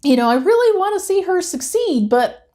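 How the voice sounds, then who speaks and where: A woman's voice: extremely high pitch, sing-song, normal speed, dark tone. A woman reviewing a reality TV episode in a casual, chatty way. She grows emphatic and heated as she rants.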